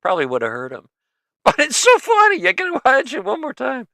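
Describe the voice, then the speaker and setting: A man hosting a livestream, reacting to animal videos with excited yelps, laughs and swearing. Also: very high-pitched, fairly quick, dry recording. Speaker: livestream host reacting to clips. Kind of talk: casual reaction commentary.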